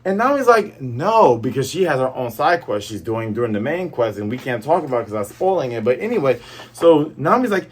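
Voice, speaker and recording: A young man hosting a manga review, casually recapping a chapter and acting out the characters' lines in quick, playful voices. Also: mid-range voice, big pitch swings, breathy edge.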